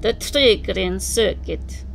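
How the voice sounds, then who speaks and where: A woman voicing a jovial middle-aged man with a Slavic accent, slow and beaming. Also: medium pitch, animated, creaky, faint music behind. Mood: sly. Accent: Slavic, put on.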